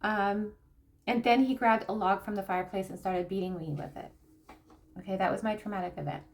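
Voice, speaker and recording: A woman spiritual coach speaking candidly to camera in a personal teaching talk, halting and repeating phrases as she reflects. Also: mid-range voice, steady tone. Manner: soft, grounding, reflective. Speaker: spiritual coach and tarot reader.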